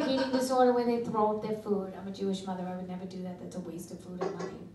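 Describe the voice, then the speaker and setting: A middle-aged woman doing a stand-up comedy routine, delivering brash, deadpan one-liners in a comedy club. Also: mid-range voice, rapid-fire, hardly any pauses, a crowd in the background. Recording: echoey club from far off with noise.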